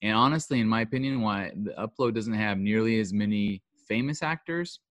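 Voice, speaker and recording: In a dry recording, a podcast co-host speaks briskly in a fairly low voice. He rambles casually through his views, leaning on fillers as he chats.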